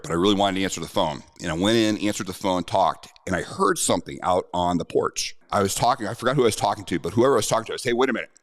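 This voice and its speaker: A man's voice: sits low, dry recording, studio quality. A middle-aged man and self-defense instructor telling a personal story in a conversational, earnest way.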